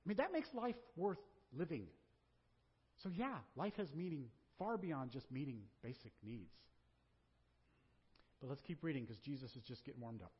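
Man, pastor, Southern American accent, sermon, husky voice, dull lo-fi church recording. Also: fairly high pitch, animated, normal speed, pauses often. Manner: conversational preaching with rhetorical questions. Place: church sanctuary. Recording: dull sound with long hall reverb.

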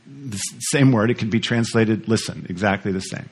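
A man preaching a sermon, teaching with lively repetition and questions to the congregation. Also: on the low side, moderate pace, breathy edge. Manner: animated teaching, repeats words, asks the audience questions. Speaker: pastor.

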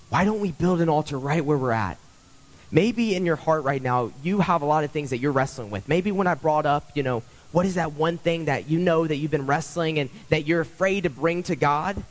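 A young man preaching a sermon as pastor, earnest and conversational, repeating phrases for emphasis. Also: a little high.

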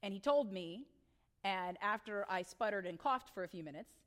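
A woman's voice: medium pitch, animated, normal speed, fairly bright tone. A middle-aged woman pastor giving a sermon as a conversational story, full of asides and tag questions.

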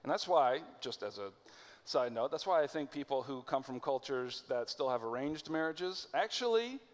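A man from America preaching a sermon in a conversational way, slowing down to stress key phrases. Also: mid-range voice, animated. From United States. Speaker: pastor. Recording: long hall reverb.

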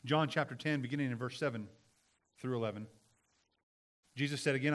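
Male pastor mid-sermon; earnest and emphatic, wide swings from loud to hushed delivery. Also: mid-range voice, a little fast, pauses often.

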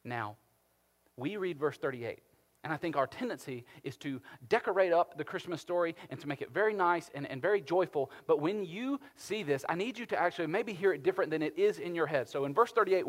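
Pastor, male, fairly high voice, animated, swinging loud to hushed, reverberant church hall. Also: fairly quick. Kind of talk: sermon.

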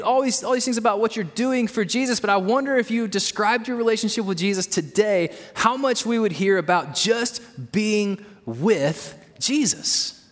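A man preaching a sermon as pastor, in a conversational way with asides to the congregation, heard in an echoey church hall. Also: high voice. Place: church sanctuary.

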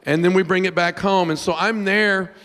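In a church sanctuary ringing with long hall reverb, a male pastor with a high voice preaches at normal speed. His sermon mixes in funny self-mocking stories, delivered animatedly with sudden loud, whiny voices.

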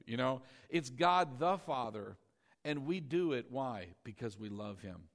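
A male pastor preaching a sermon, drawing call-and-response from the congregation, asking rhetorical questions and slowing down for emphasis. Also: medium pitch, animated, gravelly, fairly bright tone.

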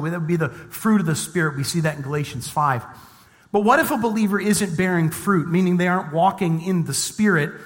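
A middle-aged man preaching a sermon as a pastor, mixing scripture reading with conversational, humorous personal stories. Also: fairly high pitch. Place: church sanctuary. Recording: long reverb of a church hall.

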